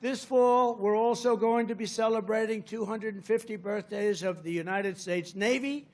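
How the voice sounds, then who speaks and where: An older man giving a rambling, boastful rally speech, swinging from loud outbursts to muttered asides. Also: high-pitched, normal speed. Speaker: politician addressing a rally.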